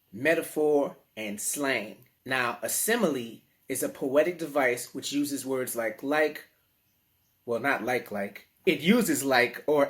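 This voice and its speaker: A man with a New Orleans accent, teaching children in a playful, slangy, animated way. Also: medium pitch. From New Orleans, USA. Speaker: teaching artist. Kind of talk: children's lesson to camera.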